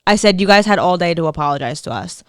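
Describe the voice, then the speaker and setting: Blunt, animated young woman podcast host. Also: fairly low pitch, fast talker, clean tone, dry recording, clean studio sound. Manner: animated, blunt, swears freely. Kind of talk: casual storytelling chat.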